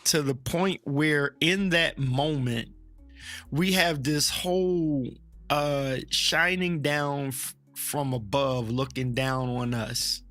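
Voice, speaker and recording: A man with a Baptist preacher's background talks openly as a podcast guest, his voice bright and forceful. He jokes and makes blunt points, sometimes slowing right down for emphasis and sometimes acting out other people's voices. Soft music plays faintly behind him. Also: mid-range voice, no room sound. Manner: frank and joking, drops into slow emphatic phrasing. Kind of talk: casual opinionated chat.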